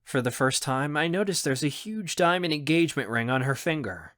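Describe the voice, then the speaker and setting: A man narrating a young adult audiobook in the first person with an expressive reading. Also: fairly high pitch, a little fast.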